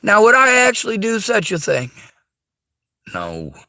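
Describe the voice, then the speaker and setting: A man's voice: sits high, huge pitch swings, measured pace, gravelly, pushed and bright, no echo, clean studio sound. A man delivering a sarcastic, profanity-laced rant straight to his audience. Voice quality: sarcastic, combative. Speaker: vlogger. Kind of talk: angry profane rant to camera.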